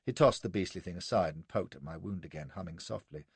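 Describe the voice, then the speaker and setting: A male audiobook narrator with a low, husky voice roughened by gravel, telling the story in a wry, sardonic way. His pitch moves in lively swings. The sound is close and dry. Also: quick pace, hardly any pauses, dry recording. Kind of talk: first-person audiobook narration.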